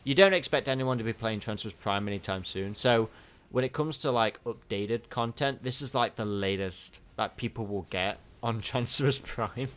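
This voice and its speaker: A man hosting a casual let's-play, excitable and self-mocking. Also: lowish voice, normal speed. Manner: excitable, self-mocking, prone to laughing outbursts. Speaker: gaming channel host.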